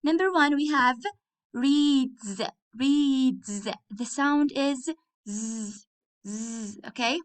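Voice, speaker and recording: Woman teacher, high voice, slow and patient, spells out words. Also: a bit bright. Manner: slow, clear, repetitive, spells words letter by letter. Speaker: English teacher. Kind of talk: recorded classroom lesson.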